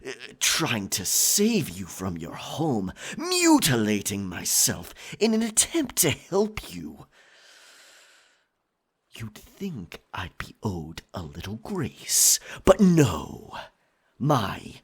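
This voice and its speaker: A man voicing an obsessive, possessive male pirate captain in a whispered role-play, breathy and intense, alternately doting and scolding. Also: medium pitch, wildly swooping pitch, slow pace, hardly any pauses, exaggerated voice. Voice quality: husky, breathy. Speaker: ASMR role-play performer.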